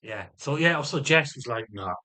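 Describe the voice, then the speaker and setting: Sharp in tone and expressive, this medium-pitched man talks at a normal speed. He's a middle-aged vlogger ranting casually to the camera, cursing a lot, looping back over his own phrases, and occasionally imitating how others sound.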